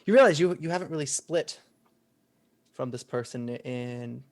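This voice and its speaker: A man narrating a tabletop role-playing game as game master, relaxed and asking the players what they do. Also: mid-range voice, moderate pace, no echo. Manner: relaxed, asks players questions.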